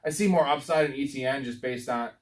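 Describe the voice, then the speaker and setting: A man's voice: mid-range voice, fast, far from the mic. A man co-hosting a sports podcast in loose casual chat, swearing freely and saying he is drunk. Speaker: podcast co-host.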